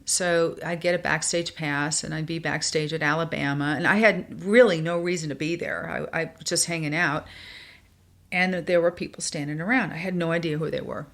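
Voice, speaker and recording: Older new york woman telling stories, animated, does little voices for people, lowish voice. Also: moderate pace. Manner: animated, acts out quoted voices. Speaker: guest. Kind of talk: storytelling in a podcast interview.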